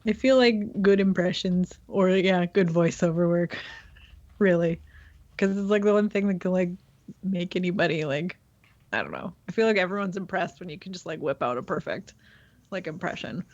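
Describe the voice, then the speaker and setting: A woman co-hosting a podcast in casual chat, relaxed and self-deprecating. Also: on the low side, normal speed, no room sound, dull audio. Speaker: podcast co-host.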